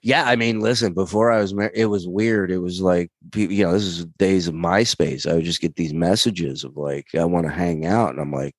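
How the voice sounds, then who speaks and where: A comedian man telling animated, rambling stories with many fillers, in a casual chat. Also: sits low, brisk, few pauses, no room sound. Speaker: comedian guest. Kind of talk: casual storytelling.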